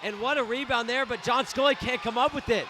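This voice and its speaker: A young man doing live play-by-play for a high school basketball game, often shouting in outrage at the referees. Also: brisk, crowd noise, noisy background. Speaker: student play-by-play commentator.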